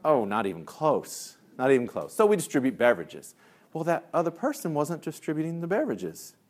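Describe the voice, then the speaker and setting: A male discipline trainer giving a lively workshop talk, telling stories, acting out voices and laughing at his own jokes. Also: on the high side, a little fast. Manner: lively storyteller who acts out voices.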